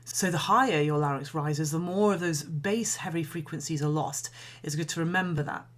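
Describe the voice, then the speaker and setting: A woman singing coach giving a calm, measured voice lesson, explaining and demonstrating breathing exercises. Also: low-pitched. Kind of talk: instructional voice lesson.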